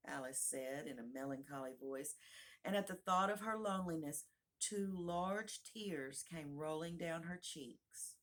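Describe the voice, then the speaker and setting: A woman narrating a classic children's storybook aloud in a calm, measured way. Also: low-pitched. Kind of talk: audiobook narration.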